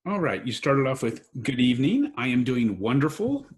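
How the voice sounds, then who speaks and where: An American man teaching English over a video call, gently correcting his student and praising her often. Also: medium pitch, big pitch swings, moderate pace. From United States. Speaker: English tutor. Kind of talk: online English lesson.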